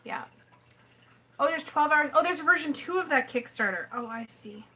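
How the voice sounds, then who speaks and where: A woman's voice: sits high, expressive, normal speed, sharp tone. A woman hosting a casual live-stream chat, thinking aloud and teasing herself as she browses. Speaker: host.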